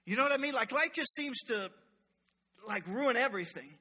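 A male pastor preaches with a very high voice and a tense, cutting brightness, full of playful energy and call-outs to the congregation. The sermon rings through a church sanctuary with a long, trailing reverb. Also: lively intonation, moderate pace, husky.

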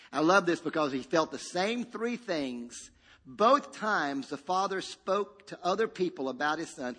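A man's voice: on the high side, pushed and bright, big-room sound. A man preaching a sermon as pastor, emphatic and repetitive, leading the congregation in call-and-response.

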